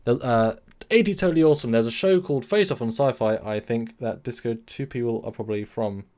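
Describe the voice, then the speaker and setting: A man's voice: medium pitch, fairly quick, a little mellow. A man hosting a casual live stream, rambling, correcting himself and answering chat messages. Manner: rambling, self-correcting, reads chat aloud.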